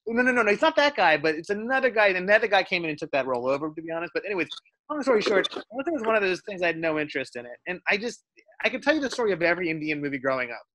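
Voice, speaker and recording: A man chatting casually and spinning animated stories, often stumbling and restarting as he goes. His voice is bright and pitched a little high, and he sounds eager throughout. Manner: animated storyteller, fast, full of restarts. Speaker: guest. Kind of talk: casual chat.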